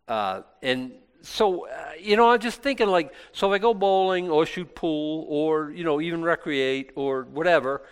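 A man's voice: fairly high pitch, animated, normal speed, hardly any pauses, smooth. Rambling, conversational male pastor. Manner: conversational, rambling with many restarts; self-deprecating and lightly joking. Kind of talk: informal Bible talk.

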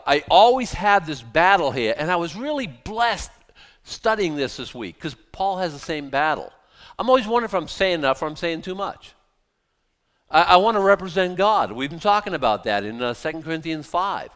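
A pastor preaching a sermon with animated, emphatic delivery, often repeating and restarting phrases as he builds to forceful points. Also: on the high side, normal speed.

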